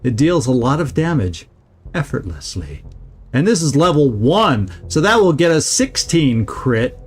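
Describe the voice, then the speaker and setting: A man's voice: a little high, very animated, unhurried, husky. A man streaming a video game, giving casual let's-play commentary, chatty and often laughing as he talks to his viewers.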